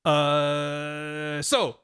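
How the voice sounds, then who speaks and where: A man with a slightly raised voice talks through a long story recap on his stream. He rattles off characters' lines in quick, playful paraphrase and keeps circling back with fillers and restarts. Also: a little high, monotone, fairly bright tone, clean tone. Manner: rambling with many fillers and restarts. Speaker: streamer host. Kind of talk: casual plot recap with friends.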